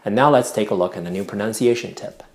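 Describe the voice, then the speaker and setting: A man giving a brisk scripted welcome as host of a lesson show. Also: lowish voice, darkish tone. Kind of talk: scripted intro. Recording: roomy with faint ambience.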